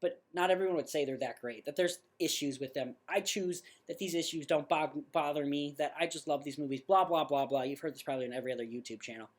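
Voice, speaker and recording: A male podcast host giving casual movie reviews in a blunt, ranting way. He is opinionated and quick to dismiss what he dislikes. He often trips over his words and corrects himself mid-sentence. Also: on the high side.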